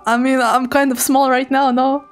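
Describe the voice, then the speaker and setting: Giggly high-voiced woman streamer. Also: little pitch movement, normal speed, soft background music. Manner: giggly, laughs often, playful. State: hoarse throat. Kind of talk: casual chat with live chat.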